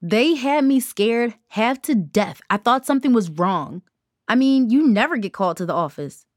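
In a storybook reading, a woman plays an impatient, scoffing teenage girl, lightly acted and pitched above her own natural voice. Her delivery is a little high, expressive, and moderately paced, captured in a dry, studio-quality recording.

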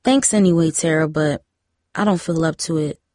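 A woman's voice: deep voice, normal speed, a little mellow, no room sound, studio quality, close to an everyday voice. A woman voicing a teenage girl who answers in curt, defensive retorts. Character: teenage girl, guarded and quick to snap.

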